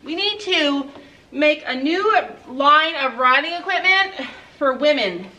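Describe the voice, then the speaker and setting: A woman's voice: high-pitched, animated, takes it slowly, pushed and bright. A woman vlogging outdoors at a horse barn, chatting casually, laughing often and cooing in baby talk to the animals, recorded on a handheld camera. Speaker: mom vlogger. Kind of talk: casual vlog chat.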